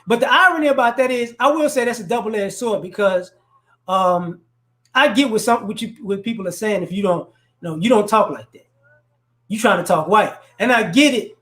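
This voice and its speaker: His voice is high, pushed and bright, at a normal speed. A New Orleans native with a faint accent tinged by Chicago and DC area speech, he gives his opinions loosely and casually, with frequent restarts and "you know."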